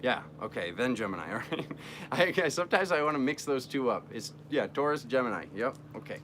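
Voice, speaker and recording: A chatty man reads tarot on a live stream and jokes with his viewers as he goes. His voice sits at an ordinary middle pitch, and his talk is loose and playful. A faint hum of room noise runs underneath. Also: expressive, a little fast, fairly bright tone. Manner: chatty and playful, joking with viewers while shuffling cards.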